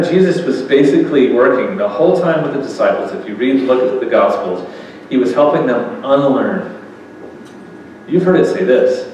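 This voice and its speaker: A man preaches to a live audience in a loose, conversational way, tossing questions to the room. His voice sits at a middling pitch. The recording is distant and washed in long hall echo, with a faint murmur of room noise underneath. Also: a little mellow. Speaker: speaker at a faith event. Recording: echoey hall recording from far off.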